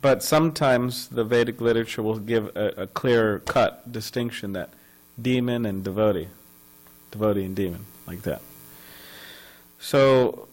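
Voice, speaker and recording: A man's voice: mid-range voice, rough recording. A man giving a scripture class in a temple ashram, talking in a loose, conversational way with chuckles and asides.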